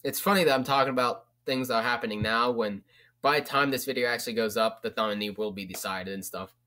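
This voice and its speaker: A young man talking straight to camera in a relaxed, meandering vlog chat. His pitch sits right in the ordinary middle for a man. He drifts from point to point with plenty of casual profanity. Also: fast. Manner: rambling, loose and profane. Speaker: vlogger.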